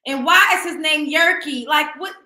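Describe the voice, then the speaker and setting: A woman's voice: sits high, moderate pace, pushed and bright, echoey room. A woman hosting a celebrity gossip show in casual chat, blunt and profane, often tripping over repeated words.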